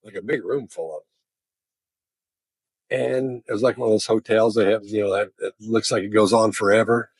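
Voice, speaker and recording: Brief: man, relaxed chatty storyteller, husky low voice, dry recording. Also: normal speed, pauses often, dry recording. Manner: chatty, laughs while telling stories. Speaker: body language expert. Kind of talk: casual storytelling.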